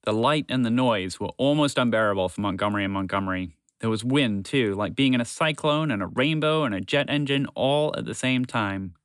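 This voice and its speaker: A man reading a children's story aloud in a lively way, switching into voices for the characters. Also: mid-range voice, a little fast, hardly any pauses, clean tone, no room sound, studio quality.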